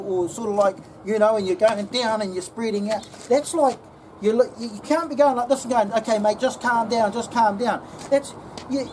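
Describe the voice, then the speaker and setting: A woman's voice: mid-range voice, a little mellow. Kiwi woman showing security stances, chatty and repetitive, mic sits far off, traffic noise behind. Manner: casual, repetitive, says "okay?" often. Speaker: security trainer. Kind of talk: instructional demonstration. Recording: distant mic with background noise.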